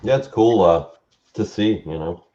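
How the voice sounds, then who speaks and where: A man co-host chimes in with short reactions during a casual livestream chat. His voice sits low and comes through dull remote audio. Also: lively intonation, unhurried, dark tone. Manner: short reactions, laughs a lot.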